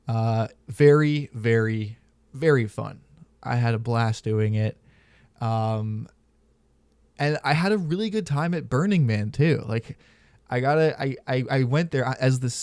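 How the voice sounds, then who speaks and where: Podcast host man, candid profane storyteller, dry close sound, middle pitch. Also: a little mellow, no echo. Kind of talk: casual chat.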